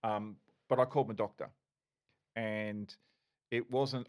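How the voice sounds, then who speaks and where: A man's voice: lowish voice, unhurried. Man, middle-aged, ex-cop podcast guest, candid, blunt. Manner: frank, animated, swears, restarts often. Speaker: podcast guest, former police officer. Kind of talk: candid conversational storytelling.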